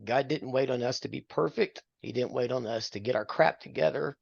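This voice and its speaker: A man's voice: medium pitch, brisk, gravelly, no room sound, lo-fi sound. An older man counseling a married couple, earnest and preacherly, quoting scripture with a self-deprecating streak. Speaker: marriage mentor.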